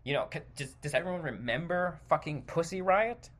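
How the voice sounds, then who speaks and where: A man's voice: a little high, a little fast, fairly bright tone. A man hosting a podcast, delivering a heated, profane opinion monologue that rambles and interrupts itself. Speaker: podcast host.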